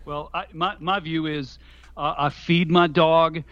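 Higher-voiced joking male author. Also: steady tone, slow pace, fairly bright tone, no room sound, dull audio. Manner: jokey, folksy storyteller. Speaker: author being interviewed. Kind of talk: radio interview.

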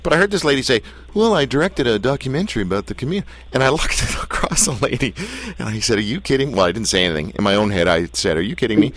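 With a quick pace and a somewhat bright mid-range voice, this animated radio host tells meandering tales on his casual interview show. He keeps teasing the person he's interviewing.

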